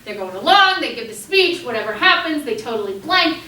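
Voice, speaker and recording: Woman teacher, high and very animated, lecturing with bright energy; echoey classroom, mic far off. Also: a little fast. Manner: lively, animated, acts out students' panicked voices.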